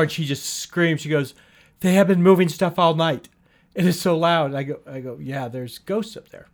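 A man telling a long story to a listener in casual conversation, acting out the dialogue with lots of "she goes" and "I go.". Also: medium pitch.

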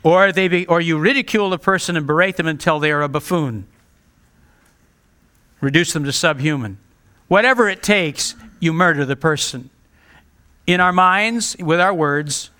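Male pastor, sermon delivery, earnest and direct, bright forceful tone. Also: on the high side, normal speed, long pauses, clean tone. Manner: earnest and direct, pleading with listeners.

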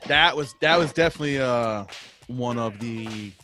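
A man telling a story in casual chat, animated, laughing often and swearing freely. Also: medium pitch, normal speed, faint music behind.

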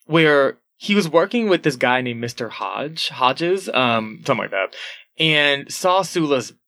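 A man co-hosting a podcast, talking through a novel in a chatty, animated way, full of fillers and frequent laughs. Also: medium pitch, a little slow. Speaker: podcast co-host. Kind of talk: casual book discussion.

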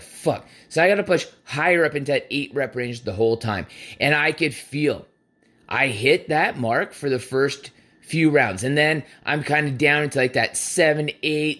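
A man's voice: medium pitch, a bit bright. A man hosting a podcast and telling a workout story in a casual monologue, blunt and full of swearing, acting out what he and others said. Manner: blunt and profane, heavy cursing; acts out his own quoted lines. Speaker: podcast host.

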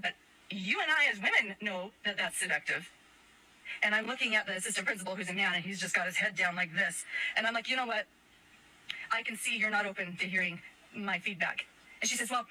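A woman's voice: mid-range voice, sharp tone. A woman, a parent, earnestly and indignantly retelling a confrontation, heard on a somewhat distant mic. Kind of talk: emotional personal storytelling.

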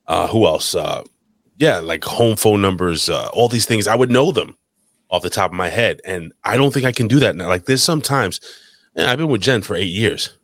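A man's voice: lowish voice, animated, normal speed, no echo, studio quality. A man co-hosting a talk show, chatting in a rambling, profane way. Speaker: podcast co-host. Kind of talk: casual chat.

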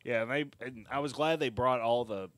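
A man co-hosting a casual movie podcast, excitable and swearing freely. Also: medium pitch, fairly quick. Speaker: podcast co-host. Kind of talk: casual chat.

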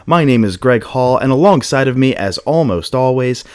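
A man's voice: medium pitch, animated, moderate pace, darkish tone, smooth. A man hosting a podcast, welcoming a guest in an upbeat, jokey way. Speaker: podcast host. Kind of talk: casual podcast chat.

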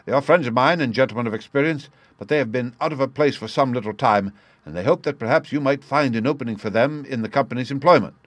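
A man reading the part of an excitable young male clerk who speaks in an eager, exclamatory way. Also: mid-range voice, fast, dry recording, voice pushed up, lightly acted.

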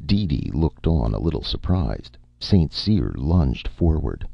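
A man narrating an audiobook story in a steady, measured storytelling voice. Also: very deep voice, vocal fry, husky, dry recording, dull audio. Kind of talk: scripted narration.

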